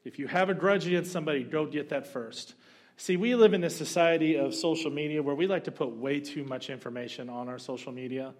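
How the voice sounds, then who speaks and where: A male pastor preaching a sermon in a conversational, animated storytelling manner. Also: on the high side, brisk.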